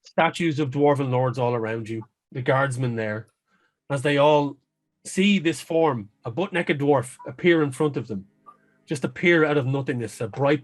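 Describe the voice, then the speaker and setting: A man running a fantasy tabletop game, narrating scenes at an ordinary pitch. His storytelling is descriptive and unhurried, and he now and then stops to restart a phrase. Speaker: game master.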